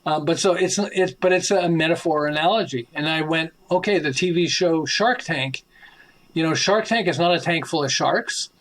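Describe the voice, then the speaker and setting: A man with a high, light voice tells stories as a podcast guest. He is animated and slips into the voices of the people he quotes, often chuckling. The delivery is an author's conversational storytelling. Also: normal speed, poor audio. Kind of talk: anecdotal interview storytelling.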